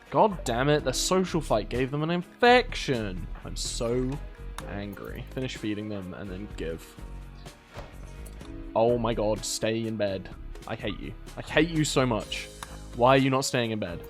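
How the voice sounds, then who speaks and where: A British man chats his way through a game session. His voice rises and falls a lot as he rambles and scolds his characters. Faint game music plays underneath. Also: medium pitch. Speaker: gaming video host. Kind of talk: casual gameplay commentary.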